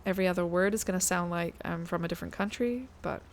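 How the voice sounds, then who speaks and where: A woman's voice: fairly low pitch, fast, vocal fry, a little hiss or hum. A woman, chatting casually to her viewers while playing a game on a live stream and thinking aloud. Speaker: guest streamer.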